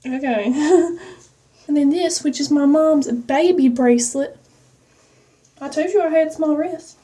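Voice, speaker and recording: A woman vlogger chats casually while getting ready, rambling, poking fun at herself, and slipping into a mock country accent. Her voice sits high with a dark tone, she speaks slowly, and the mic is distant.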